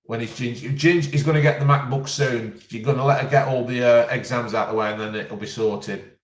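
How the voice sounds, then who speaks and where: A man's voice: medium pitch, steady tone, a little fast. Blunt, jokey man, roomy sound. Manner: blunt and jokey, reads out viewer questions. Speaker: vlogger answering live chat. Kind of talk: casual live-stream Q&A. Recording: roomy and distant from the mic.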